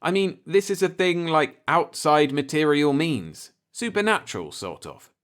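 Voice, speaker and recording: A cocky bearded beatnik repairman, voiced by a man reading a story aloud. He talks in loose hip slang with easy confidence, his voice pitched higher and pushed louder. He sounds sure of himself even when stumped. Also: a little slow. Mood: confident.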